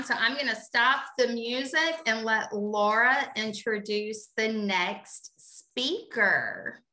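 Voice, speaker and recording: A chatty woman hosting a teacher workshop over a video call talks slowly in a bright, forceful voice. She gushes and rambles a little between speakers. Her voice rings out in an echoey room. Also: mid-range voice. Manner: chatty, gushing, unhurried. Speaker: session moderator. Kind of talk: casual online workshop hosting.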